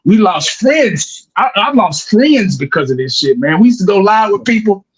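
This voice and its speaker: Man, 40s, high voice, lively rambling talk, casual podcast chat. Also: moderate pace, slightly rough, rough recording. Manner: animated, rambling, acts out quoted people. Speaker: YouTube football fan commentator.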